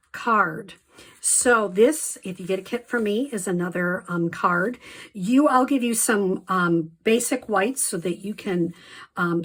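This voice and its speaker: A woman's voice: mid-range voice, a bit bright. A woman giving a casual card-making tutorial, chatty and enthusiastic, with frequent ums and little asides. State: slight allergy cough.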